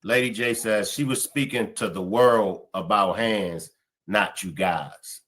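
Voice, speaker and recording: A man interviewing a couple, offering calm advice and asking direct questions. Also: on the low side, takes it slowly. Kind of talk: interview conversation.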